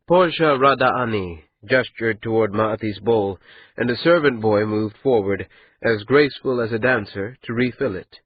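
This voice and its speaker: A man narrating an audiobook in a steady, even reading voice, slightly husky. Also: fairly low pitch, a little slow, dry recording, phone-quality sound. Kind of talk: scripted narration.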